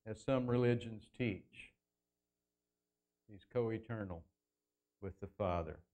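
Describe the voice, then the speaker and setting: A man preaching a sermon as pastor in a church, earnest, slowing down and lifting his voice to stress key phrases. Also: a little mellow. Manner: earnest preaching, slows and lifts pitch for emphasis. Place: church sanctuary.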